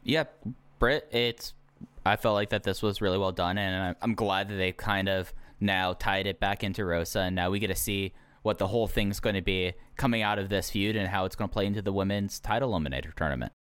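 Smooth, lower-voiced male podcast co-host. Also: a little fast, a bit bright, dry recording. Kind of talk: casual chat.

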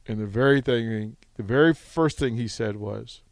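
A man hosting a radio talk show, telling a rambling, animated anecdote full of restarts, in a studio on a close mic. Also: mid-range voice, moderate pace, dry recording. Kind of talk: casual radio storytelling.

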